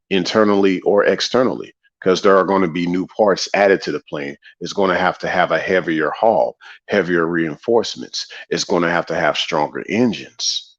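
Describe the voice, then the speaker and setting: A man hosting a casual livestream monologue, preachy and repetitive, greeting viewers in the chat between points. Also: low voice. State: tired after a long day. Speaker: livestream host. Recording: slightly dull lo-fi audio.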